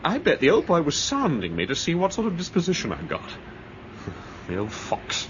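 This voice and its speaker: An actor playing a bitter, touchy English ex-soldier with an edgy, resentful manner, in an old radio drama. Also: male voice, a little high, wildly swooping pitch, a bit bright, slight background noise. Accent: upper-class English. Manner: edgy, resentful, quick to flare up. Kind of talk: 1930s-style radio drama acting. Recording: dull old radio recording.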